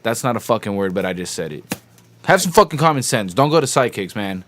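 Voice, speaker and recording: Low-voiced young man, profane casual chat. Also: big pitch swings, quick pace, a bit bright, slight background noise. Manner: loose and profane, slangy, does mock voices in anecdotes. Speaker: podcast co-host.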